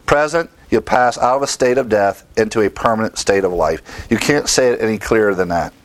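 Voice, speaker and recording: A man's voice: on the low side, a little fast, rough recording. A man teaching from the Bible in a sermon, emphatic, asking his listeners questions and answering them himself.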